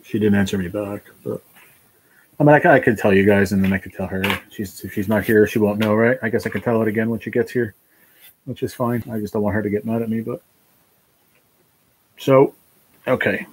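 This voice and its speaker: A man talking to his livestream viewers, halting and emotional, choked up with tears of joy. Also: on the low side, steady tone, a little mellow, slightly rough, poor audio. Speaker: livestream host.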